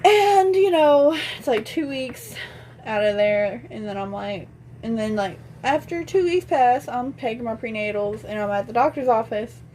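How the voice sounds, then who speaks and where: Young woman vlogging, kinda high voice, chatty storytelling, little bit of background hiss. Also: animated, moderate pace, a little mellow. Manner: chatty, retells scenes with lots of "and I'm like". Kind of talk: casual storytelling.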